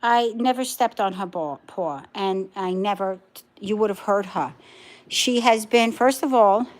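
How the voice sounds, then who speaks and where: A woman hosting a casual live stream from her phone at home, chatting with viewers and her dogs, firm when she answers comments. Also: medium pitch. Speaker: livestream host.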